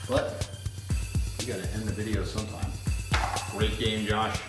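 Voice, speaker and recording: A man's voice: lowish voice, little pitch movement, measured pace, recorded from a distance. A middle-aged man hosting a family video, upbeat, teasing and playful in casual chat at home. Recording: roomy sound, loud music behind.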